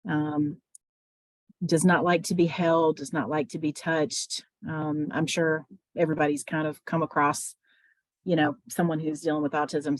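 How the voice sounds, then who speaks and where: A woman on a video call at an open mic, telling a personal story with many pauses, then reading her spoken-word poem. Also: low voice, dry recording. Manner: halting with fillers, gets emotional.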